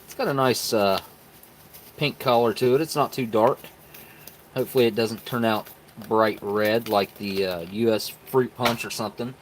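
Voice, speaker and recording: A man's voice: on the low side, steady tone, moderate pace, a little hiss or hum. A man hosting a live stream, chatting casually and folksily to viewers as he tastes and mixes food and drinks. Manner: chatty, folksy, talks to viewers while tasting. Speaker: live stream host reviewing military rations.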